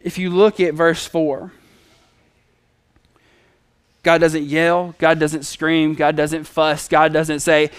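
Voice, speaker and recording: A man's voice: fairly high pitch, steady tone, normal speed, fairly bright tone, clear, resonant tone, no room sound. A man preaching a sermon in a conversational storytelling manner. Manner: conversational storytelling with acted quotes.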